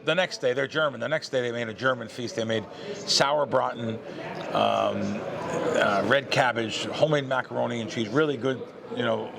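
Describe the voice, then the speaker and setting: A podcast host who bets on sports professionally tells a long story in casual conversation, animatedly acting out the voices of the people in it. His voice is medium-pitched with vocal fry, moving at a moderate pace over a crowd in the background.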